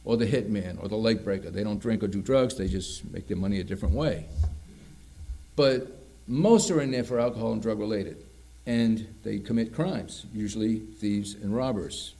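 Middle-aged male preacher, jail chaplain: measured, emphatic scripture reading, then easy conversational sermon. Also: lowish voice, warm tone.

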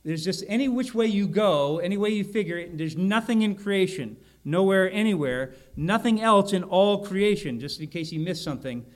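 A man's voice: sits high, expressive, moderate pace, few pauses. A man preaching an expository sermon, explaining a Bible passage in an earnest way and repeating key words for emphasis.

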